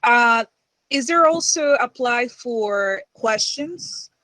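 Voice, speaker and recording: A woman student speaks up on a video call with a bright, forceful tone, heard dry and close. She asks her question politely and hesitantly, apologizing and restarting as she goes. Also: on the high side, expressive, takes it slowly, no echo, rough recording. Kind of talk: asking a question in an online class.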